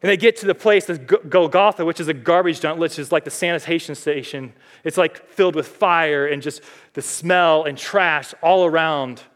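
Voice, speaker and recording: A male pastor preaching a sermon, building to loud, high climaxes and then dropping to quiet, earnest passages. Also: normal speed.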